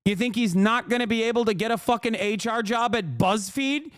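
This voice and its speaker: A man's voice: extremely high pitch, brisk, a bit bright, clear, resonant tone, dry recording. A man livestreaming casual political commentary, ranting in a sarcastic, profane, heated way on a close mic.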